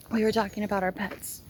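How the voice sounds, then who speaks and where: A young woman vlogger telling an emotional personal story, slow and halting, her voice tearful at times. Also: medium pitch, a little hiss or hum, poor audio.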